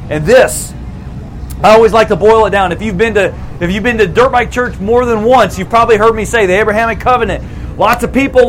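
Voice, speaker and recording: A man preaching a sermon as a pastor, conversational and animated, repeating phrases for emphasis. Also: high voice, slight background noise, poor audio.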